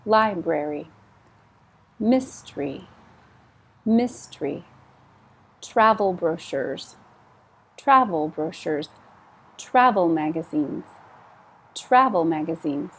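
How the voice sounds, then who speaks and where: A woman teaching English pronunciation, repeating each word slowly and clearly and explaining how the sounds are made. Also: lowish voice, animated. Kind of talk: slow, clear pronunciation drill.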